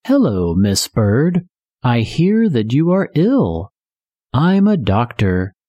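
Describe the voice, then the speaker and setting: A reader doing a sly, hungry tomcat from a storybook who sweet-talks his way to the door. The voice is lifted higher than a plain reading, and the words come slowly. The sound is close and dry. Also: very animated, dark tone, no echo, dull audio. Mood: coaxing. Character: hungry scheming male cat posing as doctor.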